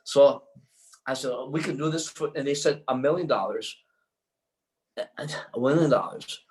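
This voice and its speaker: An older man, a filmmaker guest in an interview, telling a long anecdote in an excitable, rambling way full of restarts. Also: mid-range voice, moderate pace, rough recording.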